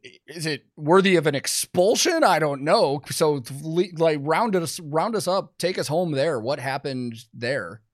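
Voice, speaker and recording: A man hosting a podcast, asking questions and reacting in a relaxed, casual interview tone. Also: a little high, measured pace, hardly any pauses, no room sound, studio quality. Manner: laid-back, laughs easily, short prompts. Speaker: podcast host.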